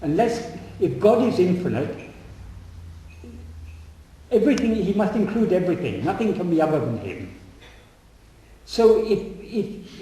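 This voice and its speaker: Softly halting man in an echoey hall. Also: high voice. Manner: halting, repeats words while thinking. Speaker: speaker on spiritual teachings. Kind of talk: answering audience questions. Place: meeting room. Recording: echoey hall, far from the mic.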